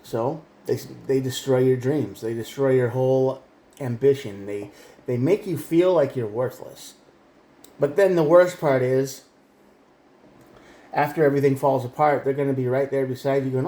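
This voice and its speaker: A man's voice: mid-range voice, fairly even intonation, normal speed, mellow, echoey room. A man giving a rambling, emphatic tarot reading, often restarting his sentences. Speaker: tarot reader.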